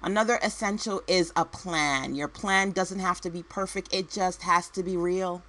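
A woman entrepreneur who is a work-at-home mom gives a motivational speech in a fairly low, fairly bright voice, steady in tone and moderate in pace. She uses punchy one-word headings, repeated phrases, and conversational asides to the listener.

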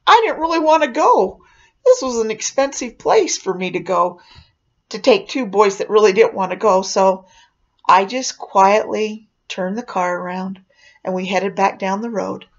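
Slow gravelly woman storyteller. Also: medium pitch. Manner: dramatic, drops to whispers for suspense. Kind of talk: oral storytelling. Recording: dull lo-fi recording.

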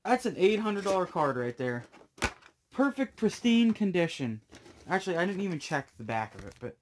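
A man's voice: high voice, big pitch swings, moderate pace, a little hiss or hum. A man opening trading card packs on camera, talking to his viewers in a breathless, exclamatory way. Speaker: card collecting YouTuber. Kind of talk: casual pack-opening vlog.

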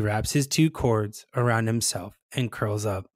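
A storyteller reading a children's story aloud in a gentle, expressive way, with lively sound words. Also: medium pitch, a little slow, hardly any pauses, no room sound, clean studio sound.

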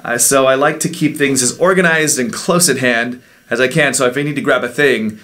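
A man's voice: mid-range voice, brisk, a bit bright. Chatty man rambling about his desk. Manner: rambling, chatty, self-interrupting. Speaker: vlogger. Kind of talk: casual unscripted vlog. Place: home office in a house in the woods. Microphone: desk microphone.

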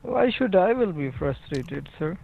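A man's voice: sits high, big pitch swings, unhurried, vocal fry. A man answering as a support agent, hesitant and confused by the caller's questions, heard over a phone line. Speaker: call center agent. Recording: tinny phone line with faint noise.

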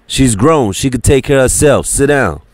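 A man voicing a calm, unbothered crew leader who gives orders in an easy, low-key way. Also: normal speed, no room sound, natural voice. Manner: calm, laid-back, commanding.

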